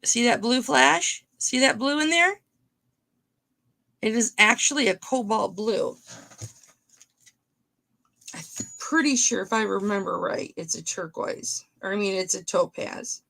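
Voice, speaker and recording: A woman's voice: on the high side, measured pace, vocal fry, pauses often, fairly bright tone. A woman hosting a live-streamed jewelry auction, chatting casually with viewers by name as she shows and sells pieces.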